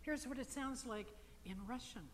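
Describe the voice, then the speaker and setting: A woman's voice: fairly high pitch, normal speed. A middle-aged woman minister preaching energetically, coaxing her congregation to join in. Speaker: guest minister. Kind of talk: sermon. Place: church hall. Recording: hall reverb with faint room noise.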